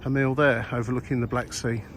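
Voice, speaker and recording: An older man narrates a walk through old streets, his voice husky from a cold. He rambles wryly with lots of uhs. Clear street noise sits behind him outdoors. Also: medium pitch, little pitch movement, a little fast. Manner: rambling, wry, many ums and uhs. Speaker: vlogger. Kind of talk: walking tour commentary.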